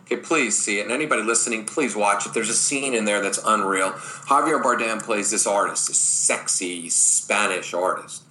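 A man's voice: lowish voice, moderate pace, few pauses, bright, forceful tone, rough recording. A man speaking as a dating coach in a podcast interview, emphatic and blunt. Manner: emphatic, blunt, acts out quoted voices.

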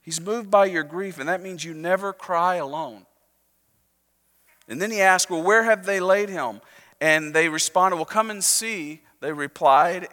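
A high, bright male voice preaching a sermon in a church hall with a long reverb tail. He talks to the congregation in a relaxed, joking way, then slows and softens to press a point home. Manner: conversational preaching with jokes, slowing and softening for emphasis. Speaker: pastor. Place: church sanctuary.

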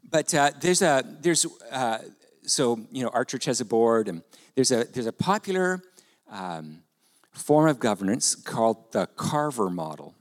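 Animated male pastor in a reverberant hall. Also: mid-range voice, measured pace. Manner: animated, conversational preaching with rhetorical questions. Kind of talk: sermon.

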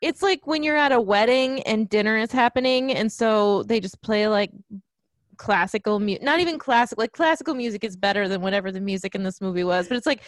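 A woman's voice: medium pitch, fairly quick, dry recording. A woman co-hosting a podcast in casual chat, joking and wry as she talks. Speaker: podcast co-host.

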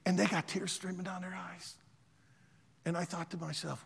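A man preaching to college students, telling a story in a loud, animated way. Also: high voice, moderate pace, vocal fry, husky, in a large hall. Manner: animated storyteller, shouts quoted lines. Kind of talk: sermon with a story.

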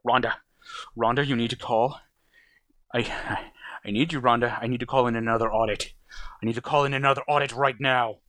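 A man's voice: mid-range voice, steady tone, fairly quick, long pauses, no echo, natural voice. A man doing a panicky muttering agent. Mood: urgent. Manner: muttering, hushed and half-whispered. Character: flustered male government agent, panicky.

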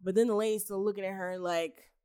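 A woman's voice: medium pitch, fairly even intonation, brisk, warm tone, clean tone. A young woman chatting casually about a film as podcast co-host, laughing often, swearing and using lots of fillers. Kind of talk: casual film review chat.

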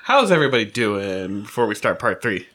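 Lively game master narrating. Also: male voice, on the low side, a little fast. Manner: loose, many fillers.

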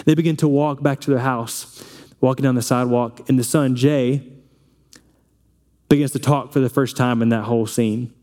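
A man's voice: mid-range voice, fairly even intonation, normal speed, pauses often, a little mellow. A man pastor preaching a sermon, retelling a film scene and acting out the family's lines.

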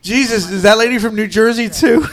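A man's voice: high-pitched, a little fast, a bit bright. A middle-aged man chatting casually while watching a film, telling stories and laughing often. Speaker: co-host reacting to a film. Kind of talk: casual watch-along chat.

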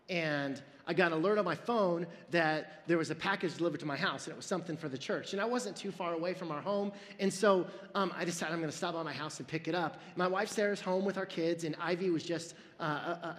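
A man's voice: on the high side, in a large hall. A pastor in his forties preaching a sermon, earnest and storytelling, with self-deprecating humor.

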